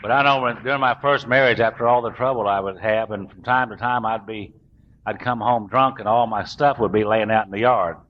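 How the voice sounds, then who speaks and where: A middle-aged man from the American South speaks in a low, unhurried drawl, joking at his own expense as he tells a meeting his story. The recording sounds dull and lo-fi, with a faint hiss of room noise underneath. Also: steady tone, some chatter behind. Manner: folksy, self-mocking, drawling humor. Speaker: recovering alcoholic speaker. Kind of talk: storytelling talk to a recovery meeting.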